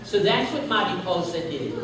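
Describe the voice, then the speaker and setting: A man's voice: high voice, moderate pace, recorded from a distance, background noise. A man telling a bilingual folk tale and leading a sing-along for children, coaxing them with questions. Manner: lively, coaxing, asks the kids questions. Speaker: children's storyteller and singer. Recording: echoey live room from afar with music.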